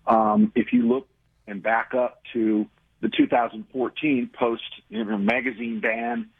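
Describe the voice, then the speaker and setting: A man speaks as a radio guest over a tinny, dry phone line. His voice is gravelly and a little husky, with a lively, rising-and-falling pitch. He argues in a combative way and fills his talk with ums and restarts. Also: unhurried, no room sound. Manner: combative, many fillers and restarts. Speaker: radio guest, gun rights group leader.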